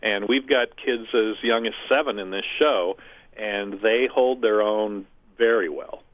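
A man's voice: on the low side, unhurried, dry recording. A middle-aged man who owns and co-founded a community theater, talking earnestly and methodically in an interview, drawing long comparisons. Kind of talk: casual interview talk. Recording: tinny phone-like line.

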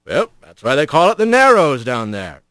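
A man's voice: fairly high pitch, huge pitch swings, moderate pace, fairly bright tone, no room sound. A man voicing an easygoing, witty male otter bosun who jokes with the crew in a storybook reading. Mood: wry. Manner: jovial and wry.

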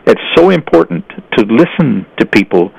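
Gravelly older man, folksy storyteller. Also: medium pitch, big pitch swings, moderate pace, muffled recording. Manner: rambling, restarts sentences, folksy anecdotes. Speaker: guest. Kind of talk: storytelling in casual conversation.

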